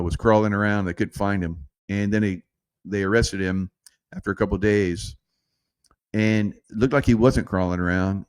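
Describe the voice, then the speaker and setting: A man's voice: fairly low pitch, no room sound. A man giving rambling, casual political commentary, drifting off topic and laughing at his own jokes.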